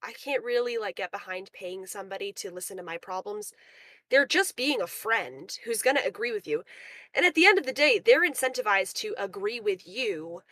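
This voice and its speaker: A woman telling a story on a livestream in a casual, animated way, full of "like" fillers. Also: mid-range voice, normal speed, no room sound. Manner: animated, filler-heavy retelling. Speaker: guest on a livestream.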